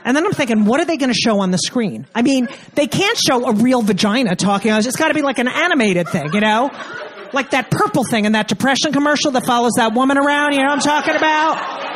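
A woman's voice: sits high, expressive, a little hiss or hum. A woman in her thirties doing a stand-up comedy set, brash and profane, acting out the people in her story. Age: 30s. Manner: brash, profane, acts out characters in quick asides. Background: audience laughter.

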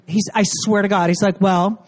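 A woman's voice: on the high side, lively intonation. A woman in her thirties doing a stand-up comedy set, brash and profane, acting out the people in her story. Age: 30s. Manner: brash, profane, acts out characters in quick asides. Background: audience laughter.

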